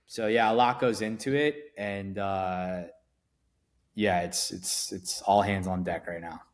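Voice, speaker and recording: A man's voice: sits low, fairly even intonation, slow. A middle-aged man chatting casually as a podcast guest, rambling with restarts and fillers. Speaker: event company founder, podcast guest. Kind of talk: casual interview chat.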